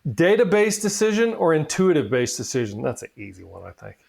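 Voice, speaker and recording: Male podcast host, fairly high voice, casual, jokey banter with a guest. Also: sing-song, creaky, darkish tone. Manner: friendly, joking, quick asides. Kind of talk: casual interview chat.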